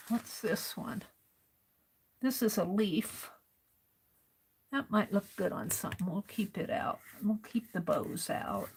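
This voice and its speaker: Woman, American accent, slow easy pace, talking to herself over craft supplies, light background noise. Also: medium pitch. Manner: muttering to herself while sorting supplies. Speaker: craft livestream host. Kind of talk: casual crafting livestream chat.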